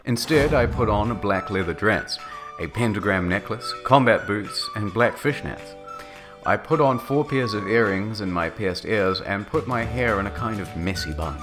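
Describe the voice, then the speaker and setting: A man narrating a comedic dramatic reading with a mocking, lively delivery. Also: on the low side.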